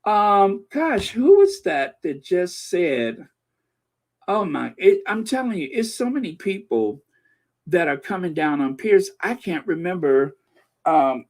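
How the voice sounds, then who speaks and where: A man hosting a casual live stream, reading news and viewer comments in a chatty, excitable way. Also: high-pitched, takes it slowly. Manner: chatty and excitable, laughing often. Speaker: channel host and commentator.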